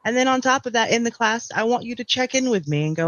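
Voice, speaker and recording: A woman guest on a casual podcast, an AI marketing coach explaining with animated enthusiasm and repeated phrases. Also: fairly high pitch, quick pace, few pauses, no room sound.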